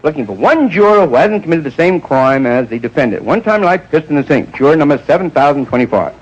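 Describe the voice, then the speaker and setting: A man's voice: on the high side, animated, fast, breathy edge, dull audio. A man around forty doing an improvised stand-up monologue, rambling and digressive, with muttered asides. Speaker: stand-up comedian.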